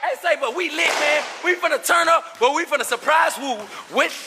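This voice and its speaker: A young man hosting a rowdy group vlog, loud and teasing, often shouting over his friends. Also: very high-pitched, fairly quick, creaky, noisy background. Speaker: vlog host.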